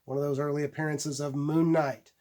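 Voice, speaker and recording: A man in his fifties, hosting a casual show-and-tell of his purchases, talking in a halting, rambling way with many fillers and restarts. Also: a little high, flat delivery, darkish tone. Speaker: comic collector and channel host.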